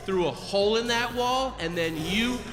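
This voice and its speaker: A man's voice: sits high, moderate pace, long reverb tail, music in the background. A man performing a stand-up comedy set, telling a story with profane, incredulous asides and acted-out quotes.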